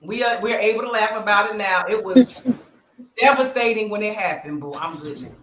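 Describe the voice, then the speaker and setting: A woman's voice: mid-range voice, normal speed, fairly bright tone. A woman co-hosting a podcast, telling a story dramatically and acting out each person in it. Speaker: podcast co-host. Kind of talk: animated storytelling. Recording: roomy echo.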